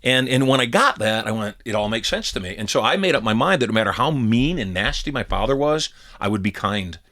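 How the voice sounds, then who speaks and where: A man's voice: mid-range voice, lively intonation, a little fast, bright, forceful tone. A middle-aged man co-hosting a podcast, telling personal stories and acting out quoted dialogue in casual conversation. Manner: storytelling, acts out quoted dialogue. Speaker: podcast co-host.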